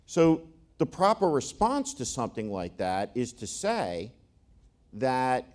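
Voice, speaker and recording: Speaking before an audience as a panel speaker, a man with a medium-pitched, slightly mellow voice tells joking anecdotes. His delivery is wry and conversational, and he often restarts his sentences.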